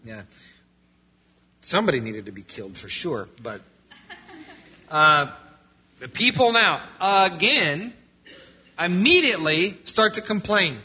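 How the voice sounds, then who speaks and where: A man preaching a sermon as pastor, swinging between loud passages and quiet ones. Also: high-pitched, very animated, takes it slowly, long pauses, breathy edge. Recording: lo-fi muffled sound.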